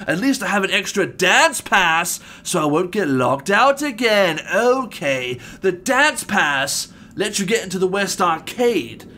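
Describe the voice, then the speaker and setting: A man voicing a polite, tea-loving gentleman toy bear animatronic, commenting on gameplay with fussy exclamations and calling people sir. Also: high-pitched, very animated, measured pace, hardly any pauses, a little hiss or hum, full character voice. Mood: excited. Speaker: let's-play host.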